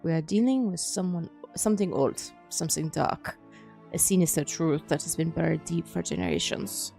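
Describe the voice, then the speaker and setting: A woman voicing a grave older male German psychiatrist in a game, with an attempted German accent, speaking in a solemn, measured, hushed way. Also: low-pitched, vocal fry, faint music behind, voice pushed down.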